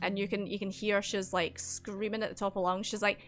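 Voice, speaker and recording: A woman's voice: mid-range voice, little pitch movement, moderate pace, hardly any pauses, fairly bright tone, faint music behind. A woman narrating a tabletop game as dungeon master on a stream, chatty with lots of fillers.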